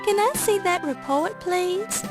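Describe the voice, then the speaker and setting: A woman's voice: very high voice, unhurried, over music. An actress playing a determined young woman reporter in an adventure game, polite but insistent. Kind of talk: 1990s adventure game voice acting.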